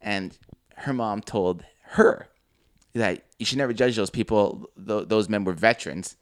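A young man co-hosting a casual podcast, telling an animated story and swearing freely. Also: on the low side, unhurried, dry recording. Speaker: podcast co-host.

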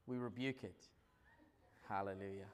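A man preaching a sermon as pastor, swinging between loud declarations and quiet asides. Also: on the low side, fairly even intonation, a little slow.

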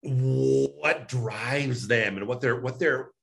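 A man with a medium-pitched voice, slow pace and vocal fry works as a voice and speech coach and is being interviewed. He explains his sessions animatedly, acting out both himself and his client.

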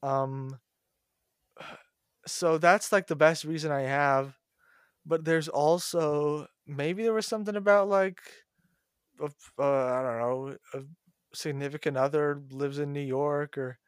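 A man's voice: a little high, fairly even intonation, takes it slowly, clean tone, no echo, clean studio sound. A young man in casual podcast chat, answering quiz questions and retelling stories with animation. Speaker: quiz contestant, co-host.

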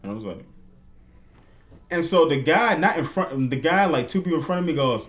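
Animated man telling a story. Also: fairly high pitch, a little fast. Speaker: podcast co-host. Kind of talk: casual chat.

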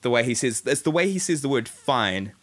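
A man's voice: medium pitch, lively intonation, fairly quick, a bit bright. A man with a New Zealand accent co-hosting a podcast, chatting casually and gushing with enthusiasm. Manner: enthusiastic, effusive. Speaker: podcast co-host. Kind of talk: casual chat.

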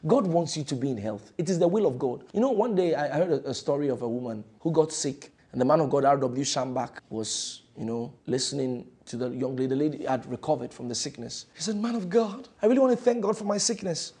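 A male pastor preaching a fervent sermon in a church, repeating phrases and swinging between loud declarations and hushed lines. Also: mid-range voice, a little fast, hardly any pauses, breathy edge.

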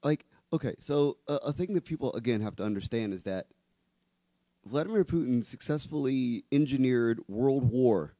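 Talk show host guy, mellow voice, keeps restarting, dry close sound. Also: medium pitch, expressive, moderate pace, no echo. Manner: emphatic, explains at length with restarts. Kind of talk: political talk show chat.

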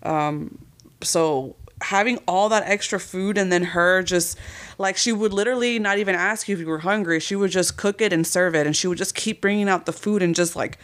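A woman's voice: lowish voice, normal speed. A young woman chatting as a guest, talking emphatically with casual swearing. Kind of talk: casual chat.

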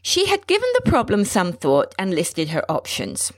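A woman's voice: mid-range voice, no room sound. Woman reading a story, dry close sound. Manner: measured, expressive storytelling. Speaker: narrator. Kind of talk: scripted story narration.

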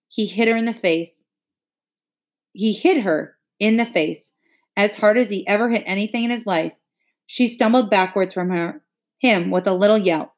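Lady reading a kids novel out loud, expressive, middle pitch, gets intense. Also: normal speed. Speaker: narrator.

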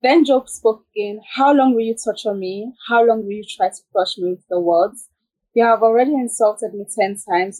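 A woman in a group discussion reading scripture aloud in a steady, plain way. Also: medium pitch, normal speed, rough recording. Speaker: reader.

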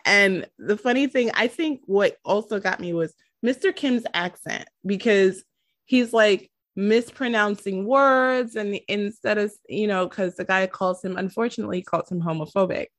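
A woman hosting a podcast in casual chat, animated, often laughing and making dramatic asides. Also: mid-range voice, normal speed, no echo, studio quality. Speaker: podcast host.

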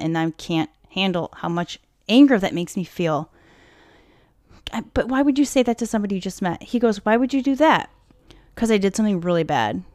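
A young woman tells a true crime story in a loose, chatty way, breaking off for blunt, swearing commentary and hushed whispered aside. Her voice sits close and dry, with no room sound at all. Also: mid-range voice, no room sound. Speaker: true crime podcast host.

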